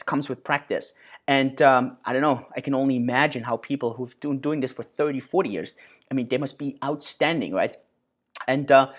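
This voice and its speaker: A man in his thirties hosting a casual Q&A and answering viewer questions, animated, with many fillers and restarts. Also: on the high side. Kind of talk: casual Q&A monologue.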